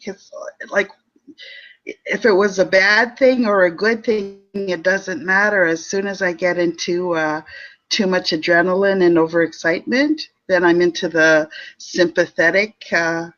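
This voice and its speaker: A man hosting a talk show, sharing his own experience in a searching, halting way with many restarts. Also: sits high, fairly bright tone, muffled recording. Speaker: host.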